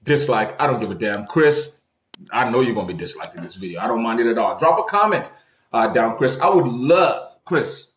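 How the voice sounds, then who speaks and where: An emphatic man hosts the talk, blunt and openly incredulous. His voice sits at a middle pitch and rings in a roomy, echoing space. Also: lively intonation, moderate pace, fairly bright tone. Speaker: host, channel owner. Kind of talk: interview and commentary video.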